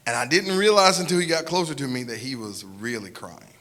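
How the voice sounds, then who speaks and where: A man with a Southern US accent telling a personal story to an audience in an earnest way, often repeating and restarting phrases, moving between hushed and loud. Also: medium pitch, a little fast, in a large hall. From Southern United States.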